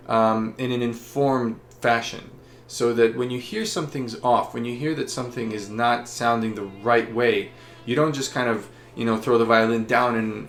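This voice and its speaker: Guy explaining violin stuff patiently, gravelly voice, echoey room. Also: medium pitch, fairly bright tone. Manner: patient, explanatory, with frequent fillers. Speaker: violin teacher. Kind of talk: instructional explanation. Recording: roomy echo.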